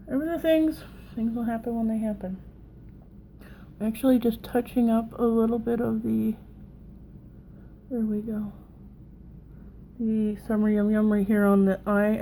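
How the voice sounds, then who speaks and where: A woman's voice: fairly high pitch, dark tone, slight background noise, rough recording. A woman in her thirties with a Southern accent, chatting and rambling through a casual makeup tutorial. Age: 30s. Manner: chatty, rambling, self-deprecating. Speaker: makeup vlogger.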